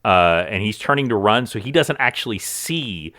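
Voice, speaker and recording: Male game master, lively pitch, lots of fillers, dry recording. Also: normal speed, dry recording. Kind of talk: narrating a tabletop game.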